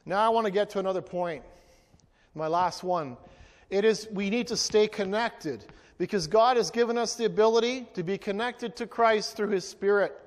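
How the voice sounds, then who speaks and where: A man preaching as a pastor, lively and playful, asking the congregation to repeat lines after him. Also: sits high, normal speed. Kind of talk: sermon. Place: church hall. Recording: long hall reverb.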